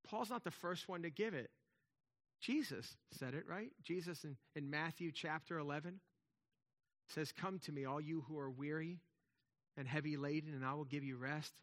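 A man's voice: a little high, moderate pace. A man preaching a sermon in a conversational way, with emphatic swells and frequent restarts. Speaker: pastor.

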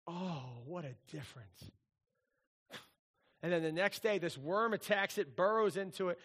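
Middle-aged guy preaching, playful and animated, highish voice. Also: normal speed. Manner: animated, playful storytelling with sung bits. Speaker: pastor. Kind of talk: sermon.

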